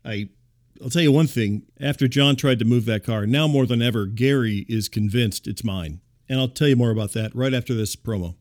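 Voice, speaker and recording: A man hosting a comic audio show, telling rambling neighborhood stories in a dry, deadpan way with wry asides. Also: mid-range voice, a little fast. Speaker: host.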